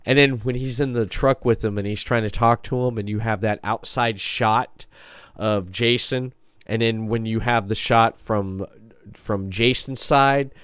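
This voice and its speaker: A podcast host conducts a casual interview chat in an enthusiastic, rambling manner, restarting his sentences often. His mid-range voice is clear, resonant, and fairly bright, with fairly even intonation and a measured pace. The audio is clean studio sound with no room sound.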